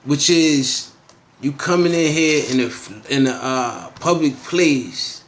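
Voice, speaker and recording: Male host, unhurried, somewhat high voice; casual rambling news commentary, slangy asides. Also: slight background noise. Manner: loose and slangy, with frequent asides and filler phrases.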